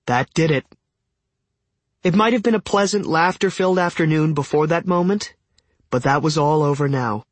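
Man, audiobook narrator, first-person, wry conversational, slightly high, dry close recording. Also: normal speed, no echo.

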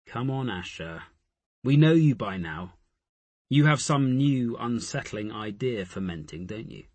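A man's voice: mid-range voice, animated, a little slow, darkish tone, breathy edge, no room sound. A man voicing a curious male traveller in an audiobook, speaking in a coaxing, teasing way.

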